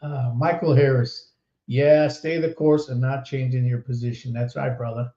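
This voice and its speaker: A man's voice: medium pitch, flat delivery, moderate pace, dark tone. Man, podcast host, upbeat, chatty, roomy sound, slightly muffled. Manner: upbeat, reads viewer comments aloud, laughs easily. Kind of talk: casual live-stream chat.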